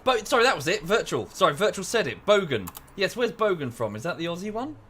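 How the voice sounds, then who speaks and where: A man's voice: high voice, big pitch swings, quick pace, a bit bright, slight background noise. Rambling English man streaming a game. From England. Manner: rambling, self-correcting, chatty with chat. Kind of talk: casual livestream chat over gameplay.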